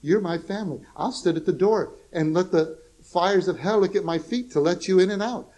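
A man preaching a sermon, in a fairly high voice. He drops to soft, low asides, then rises to loud, emphatic exclamations. He keeps a folksy humor and chuckles at his own jokes. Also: moderate pace, low-quality recording.

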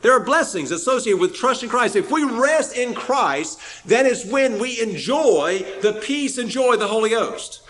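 A man's voice: extremely high pitch, expressive, moderate pace, hardly any pauses, fairly bright tone, low-quality recording. A man preaching a sermon in an earnest way, often repeating phrases and asking his listeners questions.

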